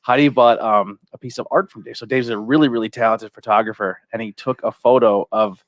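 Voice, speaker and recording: A man hosting a casual podcast who talks quickly and freely, with swearing and running jokes. His voice is recorded dry and close on a studio mic. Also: medium pitch, fairly even intonation, no echo. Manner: fast, loose, profane banter. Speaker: podcast host. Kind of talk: casual chat.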